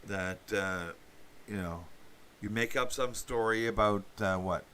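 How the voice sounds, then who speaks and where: Host, male, low voice, meandering livestream commentary with sardonic asides, faint hum behind. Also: a little slow, fairly bright tone. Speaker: channel host. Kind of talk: rambling political commentary livestream.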